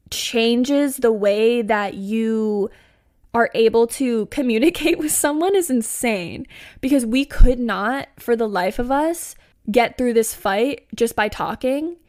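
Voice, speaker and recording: Chatty young woman telling a story. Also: on the high side. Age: 20s. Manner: chatty, animated, lots of "like" and "you know". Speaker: podcast host. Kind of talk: casual storytime.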